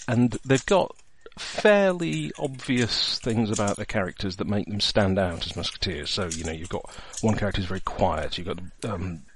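A man with a somewhat low voice talks through a tabletop game as its game master. He rambles casually, full of fillers and side remarks. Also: a little hiss or hum.

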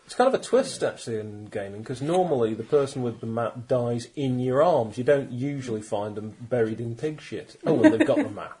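A man's voice: medium pitch, big pitch swings, fairly quick, few pauses, mellow. A man, a tabletop game player, making dry, wry jokes.

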